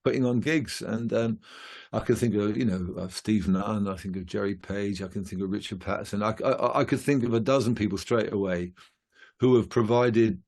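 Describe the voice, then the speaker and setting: Low male musician, casual interview guest, rambling with fillers. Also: steady tone, normal speed, a little mellow. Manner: rambling, many fillers and restarts.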